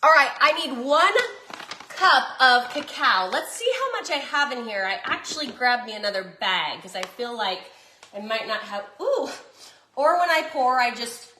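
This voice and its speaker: This is a cooking vlogger with a Southern accent, chatting in a bubbly, casual way to viewers while cooking in her home kitchen. She has a fairly high, sharp-toned voice with lively intonation and a moderate pace, heard in a reverberant room with slight background noise.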